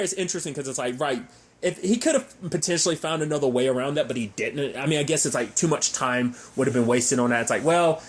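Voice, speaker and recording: Rambling man recapping a show. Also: mid-range voice. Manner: rambling, animated, frequent restarts and fillers. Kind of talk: casual episode recap.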